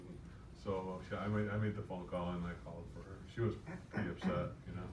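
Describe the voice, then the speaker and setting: A man's voice: low-pitched, fast talker. Joking man acting out a homeowner. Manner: animated, joking storyteller. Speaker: workshop presenter playing a homeowner in a sales role-play. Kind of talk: improvised role-play demo. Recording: echoey room, distant mic, noisy.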